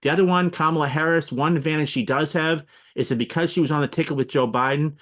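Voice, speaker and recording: Fast-talking man analyzing politics. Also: fairly high pitch, fairly even intonation, a bit bright. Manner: fast, explanatory, lists names and examples. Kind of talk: radio interview commentary.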